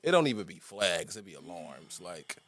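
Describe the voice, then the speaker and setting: A man's voice: deep voice, sing-song, moderate pace, fairly bright tone, no echo. A man hosting a casual podcast chat, rambling and restarting his sentences as he asks the question. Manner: loose, rambling, restarts often.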